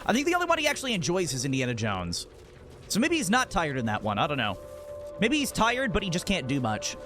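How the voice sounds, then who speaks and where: A man's voice: on the high side, huge pitch swings, fast talker, music in the background. A man streaming a game, chatting casually and telling profane, joking stories in a rambling way. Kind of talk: casual live-stream chat.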